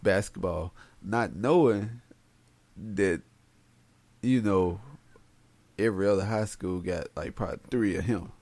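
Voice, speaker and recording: Young male podcast co-host, relaxed and reflective, with a low voice and a dry sound. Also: a little slow, long pauses, no echo. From West Memphis, Arkansas. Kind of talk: casual chat.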